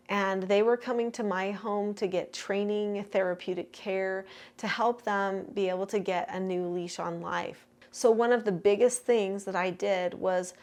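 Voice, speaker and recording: Older female parenting coach; earnest, steady instructional delivery. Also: medium pitch. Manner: earnest, steady advice-giving. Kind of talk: instructional talk to camera.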